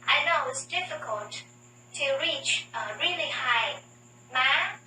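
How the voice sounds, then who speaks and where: A woman teacher with a Vietnamese accent, slowly and carefully explaining and drilling the tones of her language in a scripted lesson. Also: high-pitched, lively intonation, pushed and bright, a little hiss or hum. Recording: echoey room, voice from far off.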